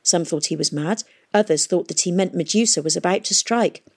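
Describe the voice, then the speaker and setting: A woman narrating a novel in a steady, expressive reading voice. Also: on the low side, fairly quick, slightly rough. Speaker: audiobook narrator. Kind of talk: storybook narration.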